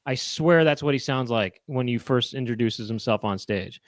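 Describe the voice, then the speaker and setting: A man's voice: mid-range voice, moderate pace, dry recording, clean studio sound. A man co-hosting a live chat show, rambling casually with laughs and you-knows.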